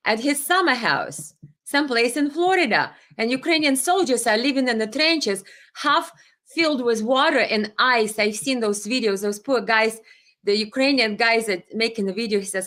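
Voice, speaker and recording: On this political commentary livestream, the woman host has a slightly bright voice on the higher side. Impassioned and indignant, she stumbles into restarts and hesitations while reading viewers' comments aloud.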